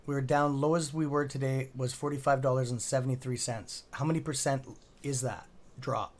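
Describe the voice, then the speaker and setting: A man's voice: mid-range voice, a little hiss or hum. A man hosting a casual live stock-trading stream, rambling and chatty with a sore throat, swearing now and then.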